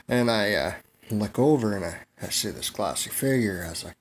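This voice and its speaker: A man's voice: on the low side, fairly bright tone, a little hiss or hum. A man vlogging a crude comedic monologue, rambling, swearing freely and laughing at his own jokes.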